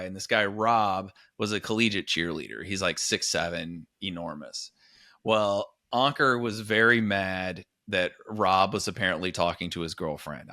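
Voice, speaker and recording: A man in his forties co-hosting a comedy podcast, telling stories in an animated way. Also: on the low side, no room sound, clean studio sound. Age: 40s. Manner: animated storyteller, jumps into voices. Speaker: podcast co-host. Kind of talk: casual comedy chat.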